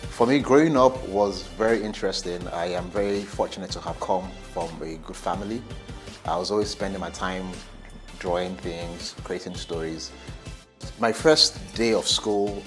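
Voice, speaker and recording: A man, a company chief executive, reflectively telling his story in an interview. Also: sits low. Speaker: company CEO. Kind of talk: interview testimony. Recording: music bed behind voice.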